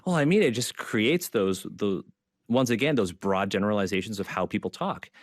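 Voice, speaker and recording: A man's voice: lowish voice, expressive, normal speed, no room sound, studio quality. A man speaking earnestly as a panelist in an online panel discussion, repeating his key points with frequent fillers. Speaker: panelist and zine creator.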